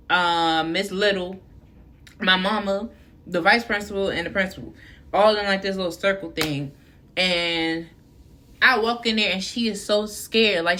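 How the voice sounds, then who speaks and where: Bright-voiced young woman telling a story. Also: mid-range voice. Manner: chatty, frequent fillers, addresses viewers as y'all. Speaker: vlogger. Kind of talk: casual storytime monologue.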